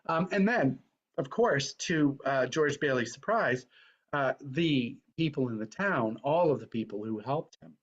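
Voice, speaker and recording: A man's voice: medium pitch, lively intonation, unhurried, dull audio. A man, a spiritual teacher, giving an earnest, conversational sermon full of storytelling, meandering with frequent fillers.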